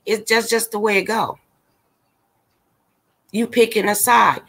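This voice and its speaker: A woman's voice: mid-range voice, steady tone, unhurried, fairly bright tone. A woman hosting a casual livestream, ranting bluntly and with exasperation straight to her viewers. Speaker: livestream commentator.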